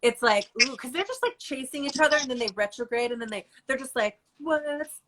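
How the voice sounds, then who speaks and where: A woman hosting a casual online chat, talking in an animated way, swearing and laughing now and then. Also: high-pitched, fast talker. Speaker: host.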